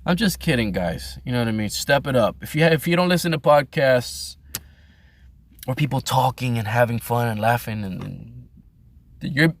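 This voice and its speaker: A man's voice: medium pitch, animated, normal speed. A man hosting a casual video, rambling and swearing as he talks about old armor and laughs often. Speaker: host. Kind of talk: casual vlog commentary.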